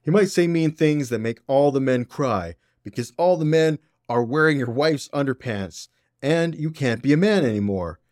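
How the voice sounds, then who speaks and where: A man's voice: medium pitch, expressive, normal speed, no room sound, clean studio sound, pitched above the performer's own voice, close to an everyday voice. A man putting on a blustering southern guy. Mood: mocking. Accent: put-on Southern US. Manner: loud, mocking exaggeration. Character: blustering southern-accented middle-aged man.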